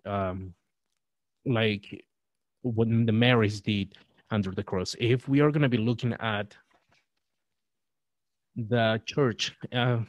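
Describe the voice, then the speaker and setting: A man appearing as a podcast guest, talking in a halting, scholarly way with frequent restarts. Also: fairly low pitch, steady tone, dry recording, highs cut off. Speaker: guest, Catholic writer and presenter. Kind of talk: podcast discussion.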